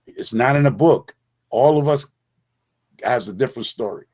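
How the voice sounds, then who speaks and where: A man's voice: medium pitch, normal speed, a little mellow. Emphatic middle-aged New man. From the Bronx, New York. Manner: emphatic, repetitive storyteller with frequent restarts. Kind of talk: casual conversation.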